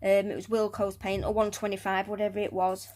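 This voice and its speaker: A chatty woman talks through a fiddly craft build in a loose, rambling way. She keeps drifting off mid-sentence into quiet muttering and near-whispers while her hands are busy, then comes back up to normal talk. Her pitch sits in a middle range for a woman. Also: level tone, fairly quick, a little hiss or hum. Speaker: hobbyist building a tarantula enclosure. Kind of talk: casual crafting vlog narration.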